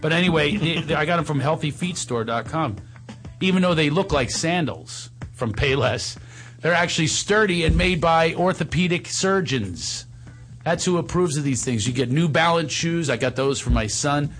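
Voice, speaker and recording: A man's voice: a little high, moderate pace, breathy edge, faint music behind. A middle-aged man hosting a radio show, teasing his co-hosts in casual banter and reading an ad. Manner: teasing, joking, animated.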